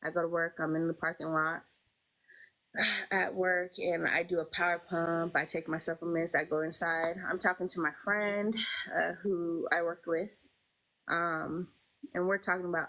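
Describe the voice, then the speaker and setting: A young woman telling a painful personal story as an interview guest, halting and emotional, with many fillers. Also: lowish voice, fairly even intonation, fairly bright tone, rough recording.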